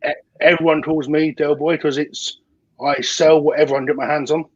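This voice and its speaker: A man's voice: on the high side, little pitch movement, fairly quick, slightly rough, dry recording, lo-fi sound. A British man as a podcast guest, talking casually in plain, matter-of-fact sentences over a remote call. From United Kingdom. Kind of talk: casual chat.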